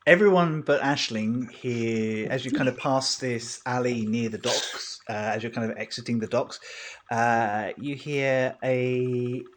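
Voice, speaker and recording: A man narrating as game master of a tabletop game, unhurried and dotted with hesitant fillers. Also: mid-range voice.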